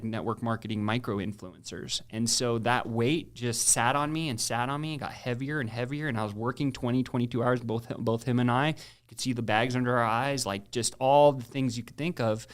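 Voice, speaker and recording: Animated slangy man telling his story. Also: medium pitch, a little fast. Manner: animated, slangy, with many restarts. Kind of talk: casual storytelling.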